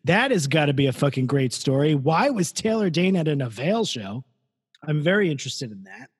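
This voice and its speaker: Husky guy cohosting a chatty podcast on a video call, kinda high-pitched, joking around. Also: moderate pace. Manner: animated, joking, reads out comments. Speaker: podcast co-host. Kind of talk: casual chat.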